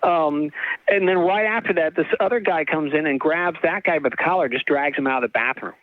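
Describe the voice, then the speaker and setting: Man, middle-aged, from California, halting storyteller, frequent restarts, slightly high voice, tinny phone-like sound. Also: dry recording. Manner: halting, full of restarts and fillers, laughs often. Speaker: author and guest. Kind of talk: casual storytelling interview.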